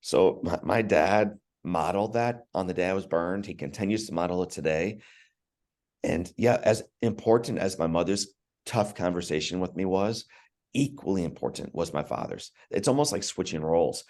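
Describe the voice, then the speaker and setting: A man's voice: deep voice, expressive, moderate pace, a little mellow. A man, a podcast guest, telling a personal story in an earnest, emotional way, often restarting his words. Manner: earnest, emotional, repeats words when starting.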